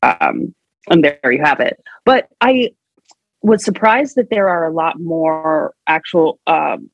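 A woman's voice: sits low, expressive, slow pace, no room sound, muffled recording. A woman commentator talking casually in a discussion, with many fillers. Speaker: guest commentator. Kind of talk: casual conversation.

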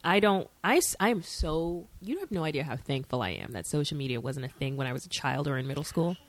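A woman with a lowish voice co-hosting a casual podcast from her couch at home. She speaks emphatically, with opinions to spare. Her pitch swings widely and expressively as she talks. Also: very animated, fast. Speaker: podcast co-host. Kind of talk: casual chat watching a show.

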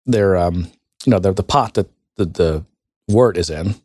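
A man with a somewhat low voice co-hosts a relaxed tech podcast. He thinks out loud, circling back with fillers and half-finished sentences. The sound is dry and close. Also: moderate pace, slightly rough, no echo. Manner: thinks aloud, rambling with many fillers. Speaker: podcast co-host. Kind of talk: casual tech podcast chat.

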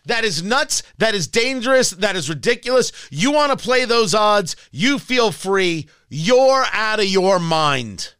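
A man's voice: high voice, sing-song, a little slow, few pauses, bright, forceful tone, clean tone, no room sound, clean studio sound. A man hosting a political talk radio show, ranting in a combative, sarcastic way. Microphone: studio microphone.

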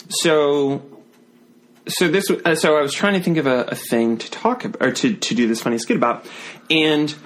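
A man's voice: mid-range voice, a bit bright. A man guesting on a podcast, telling a story in casual chat with lots of restarts and self-deprecating asides.

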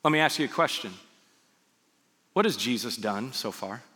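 A man's voice: mid-range voice, expressive, normal speed, sharp tone, slightly rough. A man preaching as a pastor, talking to his listeners conversationally and asking them rhetorical questions. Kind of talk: sermon. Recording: long hall reverb.

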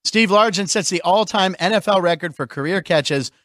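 A man's voice: high voice, normal speed, a bit bright, dry recording. A man hosting a sports and comedy show, chatting casually and laughing often. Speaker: host.

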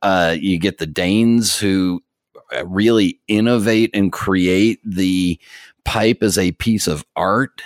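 Middle-aged male podcast co-host, low voice, dry studio sound, rambling and self-deprecating. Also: slow, no room sound. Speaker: podcast co-host, pipe tobacco expert. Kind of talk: casual podcast chat.

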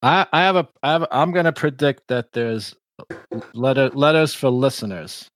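A man's voice: mid-range voice, moderate pace, fairly bright tone, a little hiss or hum. A man co-hosting a casual podcast, playful and chiming in often. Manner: playful, chimes in. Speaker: podcast co-host.

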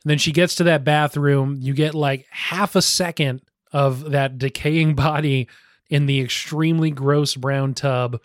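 A man's voice: on the high side, fairly even intonation, a little slow, no room sound, clean studio sound. A man in a casual film discussion, enthusiastic and laughing often.

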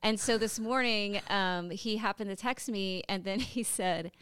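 A woman co-hosting a podcast in casual chat, expressive and quick to exclaim. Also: mid-range voice, clean tone, no echo. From Florida. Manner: expressive, exclaiming, rising to indignation. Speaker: podcast co-host.

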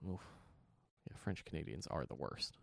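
Lively, dry-witted podcast co-host man. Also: very deep voice, moderate pace, vocal fry, no room sound. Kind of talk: casual chat.

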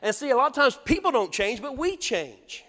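A man in his sixties preaching a sermon as pastor, folksy and animated, laughing often and acting out the voices he quotes. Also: very high voice, normal speed. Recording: long hall reverb.

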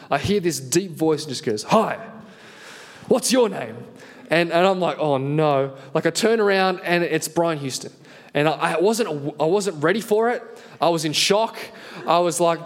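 Guy pastor preaching, pretty high voice, earnest and animated, pokes fun at himself. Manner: earnest, animated storytelling with self-deprecating humor. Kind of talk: sermon with personal story.

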